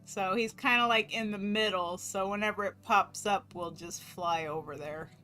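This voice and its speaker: A woman's voice: medium pitch, fairly even intonation, normal speed, pushed and bright, soft background music. A woman artist chatting casually as she talks through each step of her drawing on a stream. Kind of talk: casual narration while drawing.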